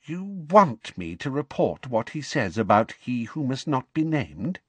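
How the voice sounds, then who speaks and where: A pushy, scornful gossip journalist sneers and mocks with icy sarcasm, as a man reading aloud puts her on. The voice lifts well above his own and leaps around in pitch. It sits dry and close to the mic in a storybook reading. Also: sing-song, measured pace, slightly rough, dry recording. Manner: sneering, cold, witheringly sarcastic.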